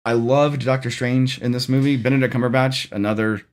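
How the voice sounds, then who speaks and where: A man hosting a casual movie discussion, relaxed and rambling, with many fillers and restarts. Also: medium pitch, a little fast. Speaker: channel host.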